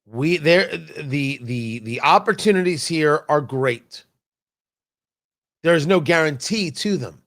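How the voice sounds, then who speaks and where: A man's voice: fairly high pitch, lively intonation, takes it slowly, a bit bright. A man hosting a talk show, giving an opinionated and emphatic political commentary monologue with a mocking edge at times.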